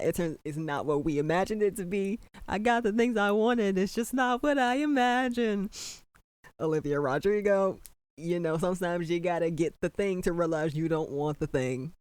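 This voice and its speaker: A reaction commentator at home at night, talking in animated, disbelieving exclamations while trying to keep the voice down. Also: mid-range voice, no room sound. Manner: holding the voice down at night. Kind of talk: excited first-watch reaction commentary.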